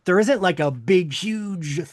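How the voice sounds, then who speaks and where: A man's voice: sits high, animated, slow pace, no room sound. Hesitant male podcast guest, dry sound. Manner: hesitant, many "um" and "like". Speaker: teacher. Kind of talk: casual chat.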